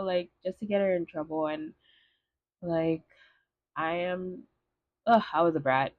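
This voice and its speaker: Slow, tearful young woman podcaster. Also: lowish voice, dry recording. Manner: halting, with many pauses, fillers and sighs. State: tearful, emotional. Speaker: podcast host. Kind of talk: heartfelt solo podcast monologue. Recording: slightly dull, dry lo-fi recording.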